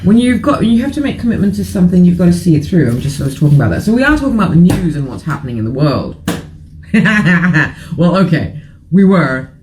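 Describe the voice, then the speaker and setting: A woman's voice: fairly low pitch, very animated, brisk, background noise. A middle-aged woman hosting a casual morning chat show, rambling and frank, a little tired. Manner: chatty, rambling, frank and irreverent. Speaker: live show host.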